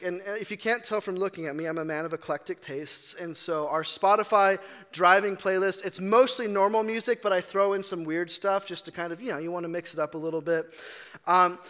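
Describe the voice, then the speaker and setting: A man with a high, bright voice delivers a relaxed sermon full of personal stories. He talks in a chatty, self-deprecating way, stumbling through ums and restarts. His voice carries a long reverb, as if recorded in a large church hall. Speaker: preacher. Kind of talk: casual storytelling sermon.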